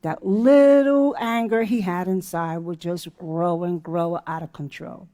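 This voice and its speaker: A woman teaching a character education class, telling a story with lively, acted-out dialogue. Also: on the low side, measured pace, no echo. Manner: animated, acts out dialogue.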